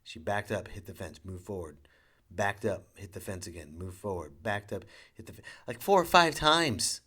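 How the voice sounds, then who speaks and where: A man's voice: low voice, animated, moderate pace, sharp tone, husky. Sarcastic man telling a story. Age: young adult to middle-aged, a father. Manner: rambling, sarcastic, acts out quotes. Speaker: podcast host. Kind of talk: comedic storytelling.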